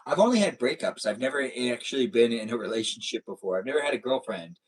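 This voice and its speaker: A man's voice: mid-range voice, lively intonation, quick pace, hardly any pauses, slightly rough. A man hosting a casual live stream, reading viewer comments in a playful, silly, teasing way.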